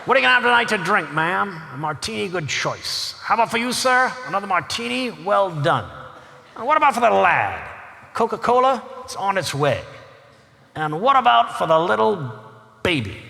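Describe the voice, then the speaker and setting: A burly waiter rattles through the orders in a brisk, clipped way, as a man acts him out. His voice is bright and bouncy, and a long reverb rings around it. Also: high voice, sing-song, gravelly, exaggerated voice. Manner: quick, clipped, upbeat. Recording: long hall reverb, faint noise.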